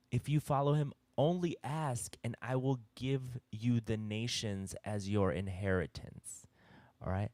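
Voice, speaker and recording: A man leading a casual youth-group Bible discussion, teaching conversationally and checking in with "all right?". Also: mid-range voice.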